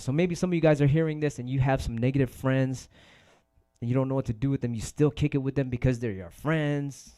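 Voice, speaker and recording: A man's voice: mid-range voice, brisk, warm tone. A man hosting a casual livestream chat, rambling and swearing a lot, often repeating his phrases. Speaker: DJ and host.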